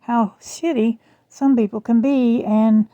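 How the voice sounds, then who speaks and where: Middle-aged Southern woman, talkative and self-mocking, strained rough voice, dry sound. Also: a little high, steady tone, slow, dark tone, no room sound, highs cut off. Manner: chatty, rambling, self-deprecating. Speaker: jewelry vlogger. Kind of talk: casual chat. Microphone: phone camera.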